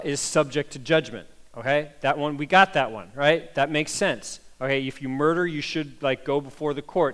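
Male pastor, Midwest-raised, slightly high voice, chatty and animated in the pulpit. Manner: animated storytelling, frequent "like" and "right?". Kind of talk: conversational sermon.

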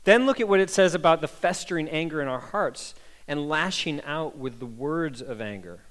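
A man from the American Midwest, a pastor preaching a conversational sermon with animated storytelling, full of "like" and "right?". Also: on the high side, normal speed.

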